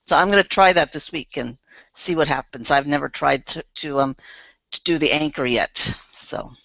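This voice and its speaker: A woman in a casual group chat, speaking hesitantly with many pauses and ums. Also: low-pitched, gravelly, fairly bright tone, no room sound, dull audio. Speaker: group participant.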